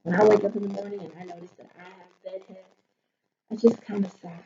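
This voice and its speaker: A woman teacher reading a picture book aloud to her third grade class, pausing to ask the children questions. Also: mid-range voice. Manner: expressive storyteller, pauses to ask the class questions. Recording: dull lo-fi audio with noticeable noise.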